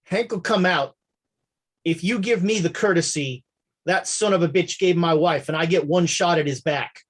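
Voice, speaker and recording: A woman's voice: lowish voice, moderate pace, breathy edge. Woman playing a frantic frontier father. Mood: grim. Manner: frantic, pleading, near tears. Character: desperate frontier father pleading for his son.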